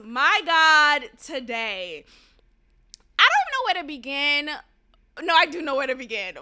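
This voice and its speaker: A woman's voice: high-pitched, sharp tone. A young woman hosting her own podcast, talking casually and animatedly, swearing freely and laughing at her own jokes. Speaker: podcast host. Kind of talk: casual solo podcast commentary.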